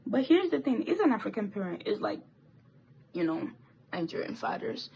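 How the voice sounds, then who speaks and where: A teenage girl telling a rambling, animated story while doing her makeup, with swearing and asides. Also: medium pitch, normal speed, gravelly, muffled recording, a little hiss or hum. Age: teens. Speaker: vlogger. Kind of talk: chatty get-ready-with-me story time.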